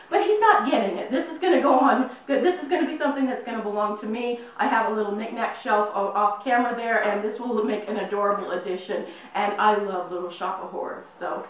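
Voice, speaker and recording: A woman's voice: fairly high pitch, quick pace. A middle-aged woman hosting a casual horror unboxing vlog at home, bubbly and gushing, with lots of fillers. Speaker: YouTube unboxing host. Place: home room, in New Mexico. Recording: very echoey room, mic at a distance.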